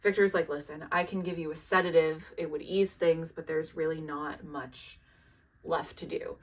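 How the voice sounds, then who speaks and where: A young woman with a slightly low voice tells a story in a loose, chatty way, her sentences full of filler words. She swears freely and adds dry, sardonic asides as she goes. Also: fairly even intonation, moderate pace. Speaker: TV recap video maker. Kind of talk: casual plot recap.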